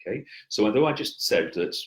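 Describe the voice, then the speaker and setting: A man's voice: fairly low pitch, animated, fast talker, poor audio. A man giving presentation coaching on a video call, explaining things patiently with wry, dry humor. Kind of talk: coaching feedback chat. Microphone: headset.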